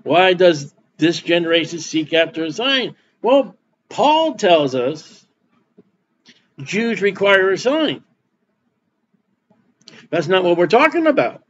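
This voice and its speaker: A man's voice: high voice, sing-song, slow pace, pauses often, muffled recording. A man preaching a sermon as pastor, folksy and repetitive, reading scripture aloud between his comments. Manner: folksy preaching with repeated words and Bible reading.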